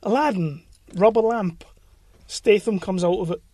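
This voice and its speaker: A man's voice: high-pitched, a little slow, warm tone, no echo. A man co-hosting a casual film podcast, making teasing jokes. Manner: joking, teasing, dry one-liners. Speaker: podcast co-host. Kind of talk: casual banter about film news.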